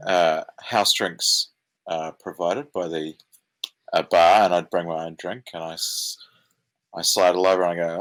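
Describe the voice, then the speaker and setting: A man's voice: low voice, little pitch movement, a little slow. A man playing a tabletop game, swearing and apologizing. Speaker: player. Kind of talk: tabletop role-play.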